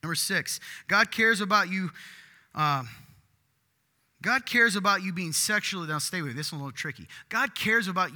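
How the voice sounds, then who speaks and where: Male pastor, fairly high bright voice, lively emphatic sermon delivery. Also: fairly quick, big-room sound. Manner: animated, rising to loud emphatic bursts. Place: church.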